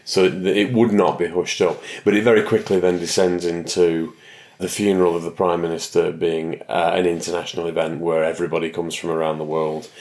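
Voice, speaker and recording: A man's voice: low-pitched, flat delivery, fairly quick, a little mellow. A man from England hosting a podcast, chatty and reflective in a casual review conversation. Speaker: podcast host.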